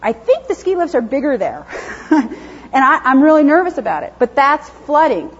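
A woman's voice: high voice, sing-song, normal speed. A woman lecturing on animal behavior to an audience, chatty and self-deprecating, laughing often as she explains. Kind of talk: conference lecture with audience questions. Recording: dull lo-fi sound.

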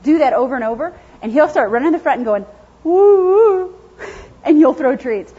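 A woman lecturing a class on dog training, lively and chatty, acting out what dogs think. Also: high-pitched, brisk, breathy edge. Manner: lively, chatty, acts out dogs' thoughts in silly voices. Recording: dull, lo-fi classroom recording.

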